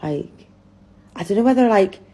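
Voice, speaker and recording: A woman's voice: mid-range voice, animated, normal speed, warm tone. A woman talking in a casual confessional vlog, hesitant and full of filler words.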